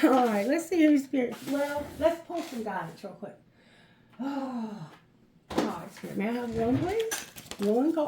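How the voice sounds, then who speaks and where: A woman with a fairly high voice gives a chatty tarot card reading to her viewers. She is effusive and giggles often between her messages. Her voice rings out in an echoey room. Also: big pitch swings, moderate pace, noisy background. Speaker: tarot reader.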